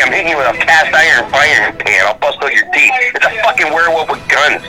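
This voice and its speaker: A man calling in by phone from outdoors by a fire, excitable and swearing, with loud outbursts. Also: medium pitch, fast talker, hardly any pauses, faint music behind, low-quality recording. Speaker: phone-in guest. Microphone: phone call.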